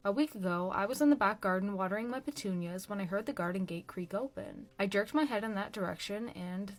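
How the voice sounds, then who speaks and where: A woman hosting a horror story channel, calmly narrating a scripted creepypasta. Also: medium pitch, fairly quick.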